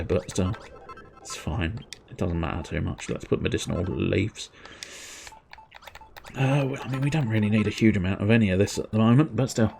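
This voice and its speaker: A man with a fairly low voice chats casually on a game livestream. He rambles from topic to topic, plays with silly wordplay and pokes fun at himself. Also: normal speed, gravelly, darkish tone, slight background noise. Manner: rambling, playful wordplay, self-deprecating. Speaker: streamer.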